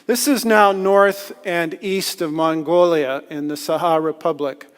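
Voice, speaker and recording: Male speaker, slightly high voice, self-deprecating storyteller, long hall reverb. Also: fairly even intonation, a little slow, clean tone. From Canada. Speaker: conference speaker. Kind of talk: storytelling talk. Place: lecture hall.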